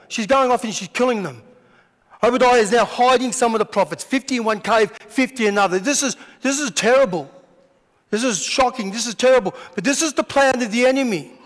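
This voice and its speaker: A man preaching a sermon as pastor, telling stories in an animated way and acting out the scenes. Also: very high voice. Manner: animated storytelling, acts out scenes. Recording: long hall reverb.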